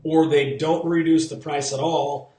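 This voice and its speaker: A man's voice: a little high, level tone, unhurried, warm tone, roomy sound. A man in real estate hosting a live-streamed market talk, chatty, repeating key figures and quizzing his viewers. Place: outdoors in the sun.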